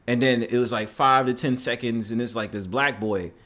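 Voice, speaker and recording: Excitable man. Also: medium pitch, normal speed, hardly any pauses. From New York. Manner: excitable storyteller, swearing freely. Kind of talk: casual panel chat.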